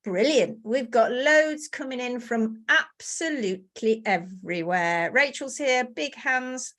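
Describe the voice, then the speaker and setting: A woman's voice: on the high side, lively intonation, slow, few pauses, fairly bright tone. Bubbly woman hosting a webinar. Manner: chatty, bubbly, reads out greetings. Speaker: webinar host, horse care instructor. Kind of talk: casual live webinar welcome. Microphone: video call.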